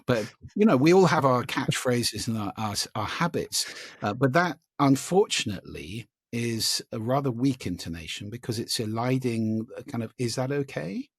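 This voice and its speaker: A man being interviewed about voice and listening, talking in an animated, demonstrative way and trying out vocal examples as he explains. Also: mid-range voice, normal speed, hardly any pauses, dry recording, studio quality. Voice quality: gravelly, husky. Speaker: guest, speaker on voice and listening.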